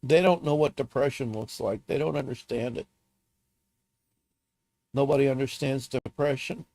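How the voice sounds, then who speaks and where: A man streaming alone, crying and talking in a despondent, halting, repetitive way. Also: mid-range voice, darkish tone, no room sound. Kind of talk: live stream monologue.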